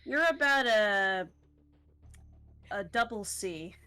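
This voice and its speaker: Slow-talking woman running a tabletop game. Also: medium pitch, clear, resonant tone. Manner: relaxed, counts squares aloud, laughs often. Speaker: dungeon master.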